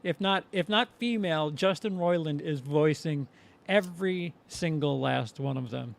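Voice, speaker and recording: A man co-hosting a casual live show, talking in a rambling way with many halting restarts and some swearing. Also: a little high, gravelly. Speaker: podcast co-host. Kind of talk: casual chat.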